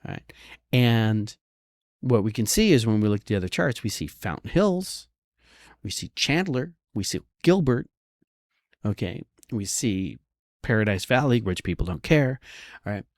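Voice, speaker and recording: A man's voice: on the low side, sing-song, normal speed, darkish tone, dry recording, studio quality. A man who works as a real estate broker, giving casual market commentary in a sarcastic way and often checking in with the listener. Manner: sarcastic, keeps checking in with "all right?".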